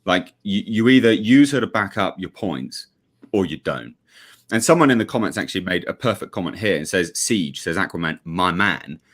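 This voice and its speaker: A man's voice: low-pitched, expressive, moderate pace, fairly bright tone. A man giving blunt, sweary, sarcastic livestream commentary as a regular panelist.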